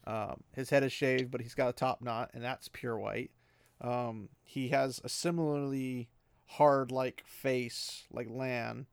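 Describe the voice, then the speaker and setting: A man's voice: mid-range voice, fairly even intonation, takes it slowly, vocal fry, smooth, no echo. A man casually recapping a fantasy book chapter, rambling with many fillers and small laughs.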